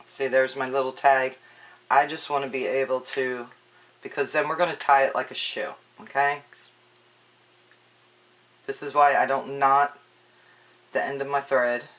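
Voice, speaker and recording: A woman giving a casual crafting tutorial, chatty and relaxed, with frequent ums and restarts. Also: very deep voice, a little slow, pauses often.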